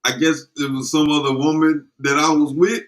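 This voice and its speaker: A man in casual chat, telling a story in a relaxed, hesitant way. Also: fairly high pitch, normal speed, low-quality recording.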